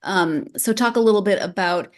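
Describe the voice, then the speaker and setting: A woman's voice: mid-range voice, normal speed. A woman hosting a podcast interview, chatty and casual, often restarting her sentences. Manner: chatty, with frequent restarts and laughs. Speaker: podcast host.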